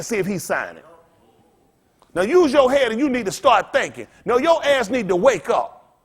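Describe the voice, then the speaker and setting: This pastor's voice is notably high, sing-song, and slightly rough, moving at a moderate pace. He rambles informally through his sermon, speaking bluntly and cursing freely while exchanging call-and-response with his congregation.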